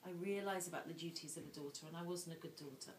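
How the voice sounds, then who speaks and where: A woman's voice: deep voice, very fast, slight background noise. A woman giving an earnest, emotional personal talk as an invited speaker at a dinner. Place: indoor dinner hall. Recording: roomy sound from a distant mic with faint ambience.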